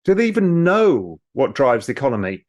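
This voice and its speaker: A man, a guest in an interview, explaining with lively storytelling. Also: mid-range voice, fairly quick. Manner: animated storyteller, mimics people in quotes. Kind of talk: casual interview talk.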